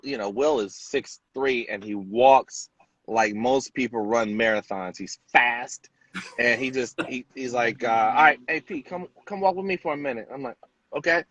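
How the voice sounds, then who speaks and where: A man, a hairstylist, telling a lively story in an interview and acting out the people in it. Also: a little high, no echo, highs cut off. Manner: animated storyteller acting out quotes. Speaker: celebrity hairstylist, guest.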